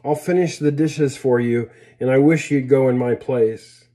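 A man's voice: medium pitch, fairly even intonation, unhurried, dark tone, lightly acted. A man voicing a cheerful, eager sixteen-year-old girl in a read-aloud story. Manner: eager, coaxing.

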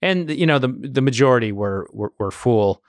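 A man's voice: mid-range voice, lively intonation, normal speed, dry recording, studio quality. A man co-hosting a podcast in casual chat, telling stories with many restarts. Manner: rambling storyteller with many restarts. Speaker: podcast co-host, bourbon collector.

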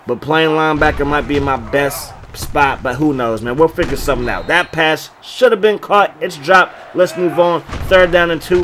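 A man doing play-by-play commentary over a football video game, excitable and breaking into loud bursts on big plays. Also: a little high, a little hiss or hum.

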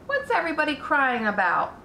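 A woman voicing a cheerful middle-aged farmer with a brisk, hearty manner in a roomy echo. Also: high-pitched, wildly swooping pitch, creaky, sharp tone, a little hiss or hum, voice pushed up, full character voice.

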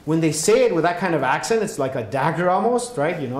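A man's voice: animated, a little fast. A middle-aged man giving a public science lecture, explaining with frequent check-ins like "right?" and "okay?". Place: hospital lecture hall. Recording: echoey hall, faint rumble.

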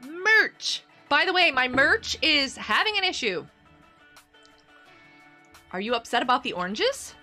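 A woman's voice: high voice, sing-song, unhurried, pauses often, bright, forceful tone, soft background music. A woman streaming a game live, chatting with her viewers in a bubbly, giggly way. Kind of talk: casual live-stream chatter while gaming.

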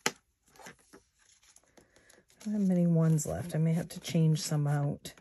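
With a low voice and steady tone, a woman in her sixties talks softly and slowly to her viewers, whom she calls "guys," while doing savings challenges at home. Heavy background noise comes through the phone or camera set close on a table.

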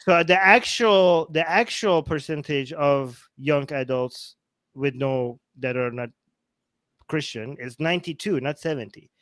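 A man hosting a casual online talk show, his fairly high voice close and dry with no room sound. He teases his co-host, gets excited, and works through numbers aloud with frequent restarts. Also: measured pace, no echo. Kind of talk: casual chat.

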